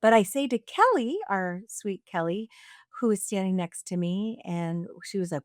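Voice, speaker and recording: Animated woman telling a story. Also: medium pitch, normal speed, no room sound, studio quality. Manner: animated storyteller acting out quotes. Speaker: podcast co-host. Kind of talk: casual storytelling chat.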